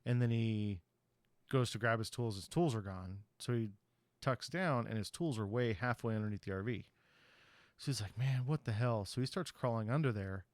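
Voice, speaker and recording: On a podcast, a man with a fairly low voice retells a horror film in a loose, wandering way at a moderate pace. He performs the characters' dialogue and swears freely in casual slang, with no echo in the sound.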